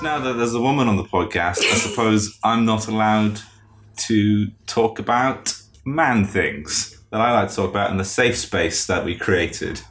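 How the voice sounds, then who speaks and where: A man's voice: on the low side, a little slow, a bit bright, roomy sound, a little hiss or hum. A man hosting a comedy podcast, introducing episodes in a dry, mock-formal way. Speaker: podcast host. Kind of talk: casual comedy banter.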